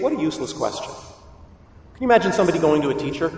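A man preaching a sermon as a priest, animated and acting out the voices he quotes. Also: on the high side, very fast, long pauses. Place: large church. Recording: echoey church heard from a distance.

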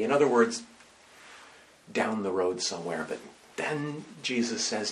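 A man, a priest, preaching a conversational sermon full of rhetorical questions, swinging between loud and soft. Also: medium pitch, animated, a little slow.

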